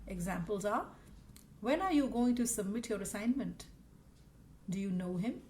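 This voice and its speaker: A woman's voice: fairly high pitch, darkish tone, slight background noise. A woman teaching a recorded grammar lesson, explaining patiently and reading out example sentences.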